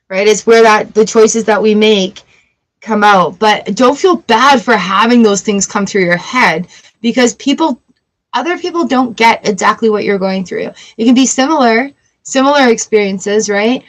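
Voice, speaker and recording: A woman's voice: mid-range voice, normal speed. Chatty woman doing a tarot reading, casual, swears a bit, playful outbursts. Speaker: tarot reader.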